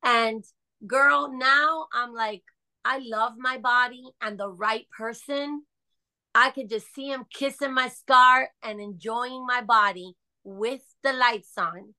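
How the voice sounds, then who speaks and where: A woman's voice: on the high side, takes it slowly, bright, forceful tone. A middle-aged woman from the United States, a podcast guest, telling a personal story earnestly and with emphasis, often asking "right?".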